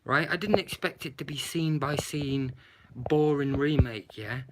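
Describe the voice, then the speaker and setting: A man's voice: medium pitch, fairly bright tone, a little hiss or hum. Profane man ranting into his phone. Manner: profane, exasperated ranting with rhetorical questions. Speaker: movie reviewer. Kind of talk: ranting live-stream movie review. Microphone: handheld phone camera, shaken while talking.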